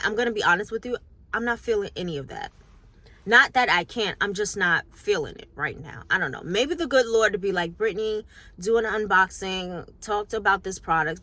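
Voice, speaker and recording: A woman's voice: on the low side, sharp tone. A candid, chatty woman in middle age speaks to camera in a casual vlog. She reflects openly on her week and shares her thoughts with her followers. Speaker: vlogger and makeup artist. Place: New York City.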